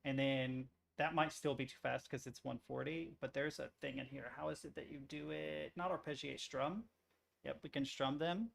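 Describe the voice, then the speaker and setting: A man's voice: on the high side, fairly even intonation, moderate pace, creaky. A man streaming, chatting casually in a rambling, self-interrupting way while he makes music on a computer, swearing now and then.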